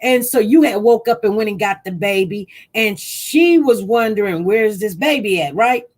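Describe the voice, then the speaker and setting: A woman hosting a casual online talk show, chatting relaxed with a caller. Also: on the high side, normal speed. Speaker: host.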